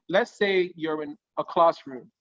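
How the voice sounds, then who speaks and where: A man, a guest singer giving career advice in a conversational interview, explaining lively through analogies and often checking with his listener. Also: on the high side, takes it slowly, lo-fi sound. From Nigeria.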